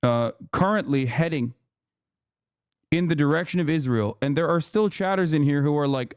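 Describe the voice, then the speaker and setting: A man hosting a live stream, reading chat messages aloud and reacting quickly with swearing and laughter. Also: a little high, a little mellow, clear, resonant tone, no echo, studio quality.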